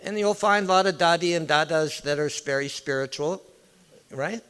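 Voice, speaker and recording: Man, informal devotional talk, fairly high-pitched voice, conversational, speaks straight to listeners, long hall echo. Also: moderate pace, a bit bright, clear, resonant tone. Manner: conversational, chatty, addresses listeners directly. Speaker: visiting temple speaker. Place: large temple hall. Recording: reverberant temple hall.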